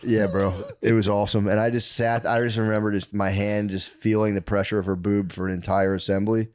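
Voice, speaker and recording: Man, low voice, dry close sound, laid-back podcast chat. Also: level tone, quick pace, a little mellow, clear, resonant tone, no echo. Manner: laid-back, says bro and like a lot. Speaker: podcast co-host. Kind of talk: casual comedic chat.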